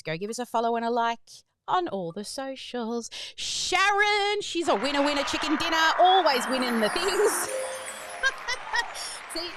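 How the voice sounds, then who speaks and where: A middle-aged woman, a business coach, hosts a live online workshop in an excitable, chatty way. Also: high voice. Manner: bubbly, excitable, chatty, prone to squeals and laughter. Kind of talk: energetic live webinar presenting.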